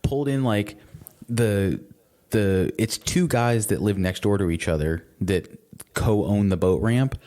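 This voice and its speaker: A man's voice: fairly low pitch, takes it slowly, mellow. A man co-hosting a podcast, chatting casually in a rambling way, full of restarts and swearing. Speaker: podcast co-host. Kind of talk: casual chat.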